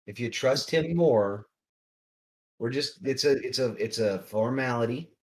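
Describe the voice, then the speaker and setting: A man's voice: mid-range voice, a little slow, a little hiss or hum, natural voice. A man voicing a tired, wary adventurer who talks casually, swears and jokes dryly. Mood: wry. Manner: casual, swearing, dry humor. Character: wary, wry male adventurer, tired and grumpy.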